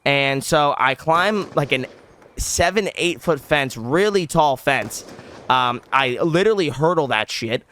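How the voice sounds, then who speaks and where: A young man casually telling a story on his vlog, animated and rambling, with many likes and restarts. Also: on the high side, unhurried, a little hiss or hum. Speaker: vlogger.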